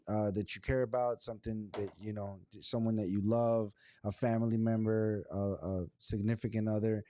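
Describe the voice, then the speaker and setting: A man's voice: lowish voice, a little mellow, no room sound, studio quality. A man in his thirties co-hosting a podcast, speaking hesitantly and reflectively with many restarts. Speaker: podcast co-host. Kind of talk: casual podcast chat.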